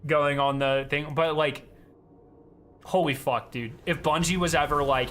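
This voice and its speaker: A young man chatting casually on a gaming stream, ranting and swearing with animated energy. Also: a little high, a little slow, faint music behind.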